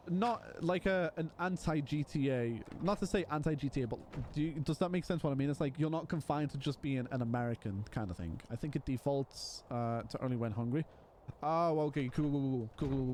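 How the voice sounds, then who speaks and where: A man's voice: fairly high pitch, a little mellow, a little hiss or hum. A man chatting casually while streaming a game, rambling with frequent restarts. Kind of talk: casual live-stream chat while playing.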